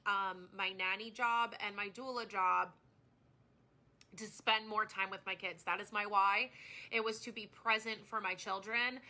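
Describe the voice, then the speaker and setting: A woman in her thirties talks to her live-stream viewers in a very bright, fairly high voice. She is a small business owner who speaks earnestly and from the heart. She often rambles and starts sentences over.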